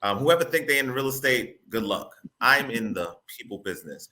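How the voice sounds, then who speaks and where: A man from the Boston area, a real estate broker, telling his story as an interview guest in an animated, casual way, repeating words and using informal grammar. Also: medium pitch, normal speed, slight background noise. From Boston area, Massachusetts.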